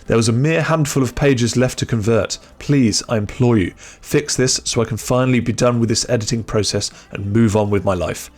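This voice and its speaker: A man's voice: medium pitch, moderate pace, hardly any pauses, a little mellow, close to an everyday voice. A man reading out an email as a fussy, exasperated male writer with a long-winded complaint.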